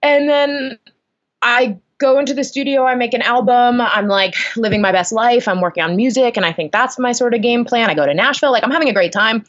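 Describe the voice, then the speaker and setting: A young woman telling a story in a casual chat, animated and full of fillers. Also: fairly high pitch, a little fast. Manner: animated, lots of likes and ums. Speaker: guest. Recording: dull lo-fi sound.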